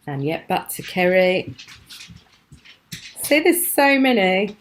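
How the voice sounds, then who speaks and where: A woman's voice: on the low side, very animated, takes it slowly. A British woman hosting a live craft show from home, chatting admiringly and laughing often. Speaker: craft channel host.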